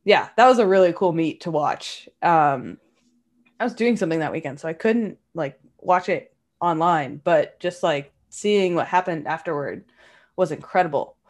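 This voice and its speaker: A woman guest in a casual podcast chat, relaxed and agreeable. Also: deep voice, normal speed. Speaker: guest athlete.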